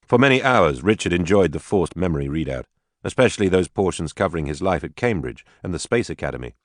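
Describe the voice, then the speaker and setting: A man narrating an audiobook in a measured, steady storytelling manner. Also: deep voice, dry recording, clean studio sound.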